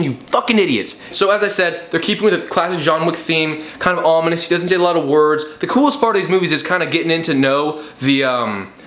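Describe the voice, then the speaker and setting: A man's voice: on the high side, fairly bright tone, echoey room. A young man reviewing a movie in a sarcastic, profane comic rant, often slipping into mock voices.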